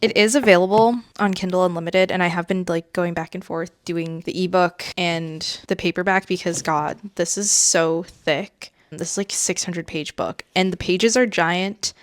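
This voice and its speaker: A woman chatting casually in a book vlog, gushing and excitable, sometimes dropping to a whisper. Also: on the low side, moderate pace, few pauses. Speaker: book vlogger.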